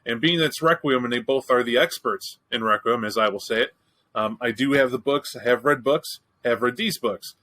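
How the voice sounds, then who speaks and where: Candid, joking man with a bright voice. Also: medium pitch, normal speed, low-quality recording. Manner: candid, profane, joking storyteller. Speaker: podcast host. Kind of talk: casual chat.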